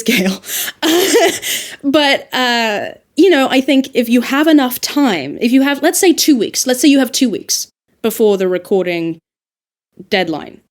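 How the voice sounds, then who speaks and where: A dialect coach talks through her ideas aloud in a casual podcast discussion. She's emphatic and lively, with a fairly high-pitched voice.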